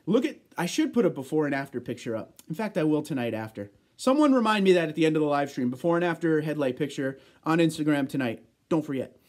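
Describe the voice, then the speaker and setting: A man's voice: a little high, big pitch swings, fast, hardly any pauses, darkish tone. A man hosting a casual livestream, reading viewer comments aloud and answering them in a chatty, joking, easygoing way. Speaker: livestream host.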